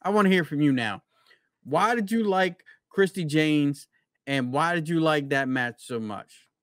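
A man's voice: fairly high pitch, animated, unhurried, fairly bright tone, no echo, studio quality. Man steering a casual podcast chat. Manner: leads the talk, asks questions to the others. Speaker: wrestling podcast co-host.

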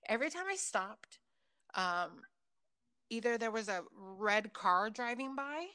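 A woman telling personal stories in a loose, casual chat, swearing freely and filling pauses with ums and likes. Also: a little high, expressive, sharp tone, clean tone. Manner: filler-heavy, with frequent ums and likes.

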